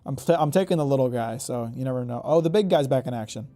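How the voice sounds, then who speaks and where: Speaking quickly in a mellow, medium-pitched voice, this gaming YouTuber offers casual commentary on his gameplay. It's rambling and jokey, and he frequently fixes himself partway through sentences.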